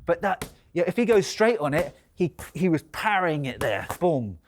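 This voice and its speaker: A British man acting as a boxing trainer and pundit, demonstrating tactics and punctuating the moves with "boom". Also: sing-song, moderate pace, a little hiss or hum.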